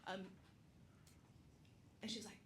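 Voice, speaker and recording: A speaker with an Australian accent telling a funny story at a community vigil, chatty and self-deprecating, with lots of ums and laughter. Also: female voice, measured pace. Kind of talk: casual storytelling speech. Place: public gathering in a roomy space. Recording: roomy echo with background noise.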